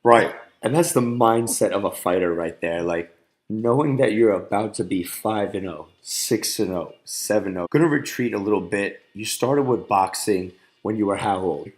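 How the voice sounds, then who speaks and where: A young man in his twenties hosts with a lowish voice and an upbeat, chatty manner. He sets up questions at length and keeps dropping in quick words of agreement. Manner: upbeat, chimes in with frequent agreements. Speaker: podcast host. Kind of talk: conversational interviewing.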